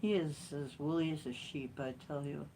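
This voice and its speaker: A woman's voice: low-pitched, steady tone, normal speed, mellow, slight background noise. A woman chatting casually at home about her cat, in a doting, sing-song baby-talk manner. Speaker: channel host.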